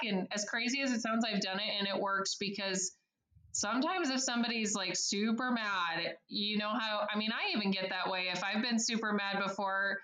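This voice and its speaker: A woman's voice: fairly high pitch, normal speed, pushed and bright, roomy sound, rough recording. A woman working as a service advisor, talking in a podcast interview in a bubbly, chatty way and laughing often. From United States.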